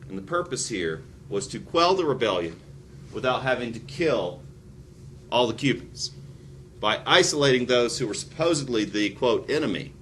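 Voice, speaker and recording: A man giving a college history lecture, animated and wry, with sarcastic asides. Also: moderate pace, a little hiss or hum. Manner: animated, acts out quotes with big pitch jumps.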